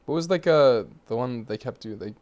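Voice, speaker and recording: A man's voice: mid-range voice, animated, brisk, a little mellow, dull audio. A man co-hosting a podcast in casual chat, hesitant with dry humor. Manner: hesitant, many ums and restarts, dry humor. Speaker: podcast co-host.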